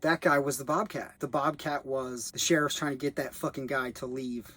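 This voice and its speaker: Young guy rambling and cussing about a movie he was an extra in, mid-pitched voice, pretty loose. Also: fairly even intonation, normal speed, pushed and bright, a little hiss or hum. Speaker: background actor reviewing a film. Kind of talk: rambling casual monologue.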